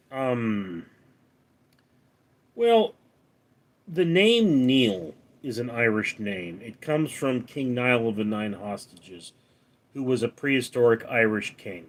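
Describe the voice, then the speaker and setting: A young male livestream host from Los Angeles talks to his viewers in a relaxed, rambling way as he works through their comments. He speaks slowly, and his pitch rises and falls widely. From Los Angeles, California. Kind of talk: casual live chat, reading comments.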